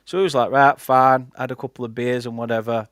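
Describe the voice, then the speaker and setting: Chatty Lancashire fan commentating a match. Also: male voice, medium pitch, steady tone, rapid-fire, no room sound, clean studio sound. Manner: chatty, reads out viewer comments between play-by-play. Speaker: fan channel host doing live match commentary. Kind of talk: casual live watchalong commentary.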